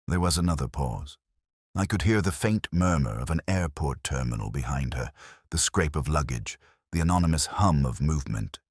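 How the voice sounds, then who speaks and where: A man's voice: rumbling low, sing-song, normal speed, breathy edge, dry recording, clean studio sound. A man narrating a mystery audiobook in the first person, wry and conversational.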